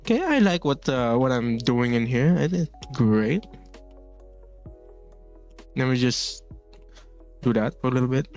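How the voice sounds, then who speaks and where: A man from the Philippines chatting easily as he draws on stream, loose and rambling with frequent laughs. His voice sits in a middle pitch, and faint music plays under him. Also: measured pace, long pauses. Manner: relaxed, rambling, laughs often, reads chat aloud. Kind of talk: casual chat while drawing.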